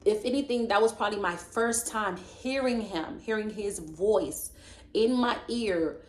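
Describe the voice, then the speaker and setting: A woman's voice: mid-range voice, measured pace. Earnest woman telling a testimony, roomy sound. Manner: rambling, searching for words, earnest and intense; preacherly urging in the closing. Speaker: vlogger sharing a faith testimony. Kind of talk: emotional personal testimony storytelling.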